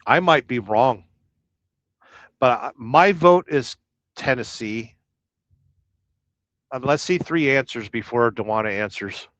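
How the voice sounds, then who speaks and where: A man's voice: mid-range voice, animated, slow pace, pauses often, fairly bright tone, dry recording. A man hosting a casual livestream from inside his truck, chatting and joking while reading viewer comments aloud. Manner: rambling, jokey, reads viewer comments aloud. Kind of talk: casual live-stream chat.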